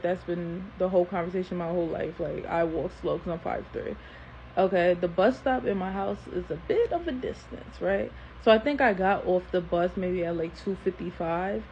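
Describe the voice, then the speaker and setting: Animated woman telling a storytime. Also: fairly low pitch. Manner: animated, candid, repeats phrases for emphasis. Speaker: storytime host. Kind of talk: casual storytime vlog. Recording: dull lo-fi sound with faint hiss.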